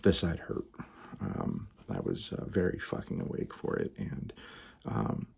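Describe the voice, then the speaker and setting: A man tells a story in a very low, husky voice. He swears constantly and rambles, with plenty of fillers and restarts. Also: very animated, a little slow, a little mellow. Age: 40s. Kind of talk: casual profane storytelling.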